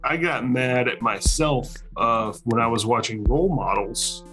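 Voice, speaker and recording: A man's voice: mid-range voice, a little slow, a bit bright, faint music behind. A man chatting casually before a tabletop game, hesitant and self-mocking.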